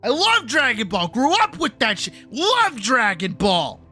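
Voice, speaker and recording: A streamer on a livestream, ranting hard with a bright, sharp voice. The pitch jumps all over as they go from grumbling to shouting, with swearing throughout. Soft music plays quietly in the background. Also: huge pitch swings, a little slow. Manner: profane, heated ranting that swings between mutters and shouts. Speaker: streamer and animator. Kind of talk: casual livestream rant.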